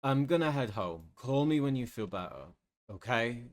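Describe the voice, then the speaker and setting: A man voicing a gentle young werewolf man in a life-sim game, hesitant and soft-spoken, stammering when unsure. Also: medium pitch, lively intonation, moderate pace, a crowd in the background, lightly acted.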